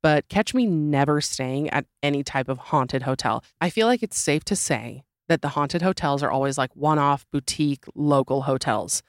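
A woman's voice: low voice, moderate pace, few pauses, dry recording, studio quality. A woman hosting a podcast with a sore throat, reading listener stories in a chatty, rambling way with joking asides. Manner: chatty, rambling asides and self-deprecating jokes. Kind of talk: casual podcast chat and story reading.

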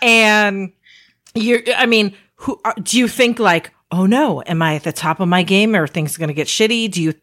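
A woman hosting a podcast, excitable and crude, firing off questions quickly. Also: medium pitch. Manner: excitable, crude, fast-talking. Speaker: podcast host. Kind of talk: casual chat.

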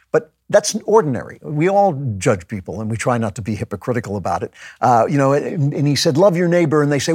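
Male podcast host, husky, dry close sound, thinking aloud with restarts. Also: medium pitch, animated, fairly quick, darkish tone, no echo. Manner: conversational, musing, with frequent restarts. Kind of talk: reflective spoken monologue.

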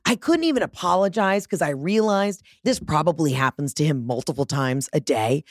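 A woman hosts a podcast and tells a story casually, with lots of swearing and animated jumps in tone. Her voice sits low for a woman, and the recording is dry and close, with no room sound. She mocks herself as she goes. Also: fairly quick, hardly any pauses, dry recording. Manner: animated, profane, self-mocking. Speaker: podcast host.

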